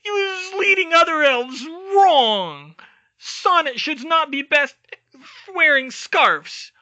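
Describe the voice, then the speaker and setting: A man reading an audiobook and voicing a drunk, tearful little female house-elf with a squeaky, slurring voice. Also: expressive, slow, pushed and bright, heavily acted. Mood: sobbing scolding.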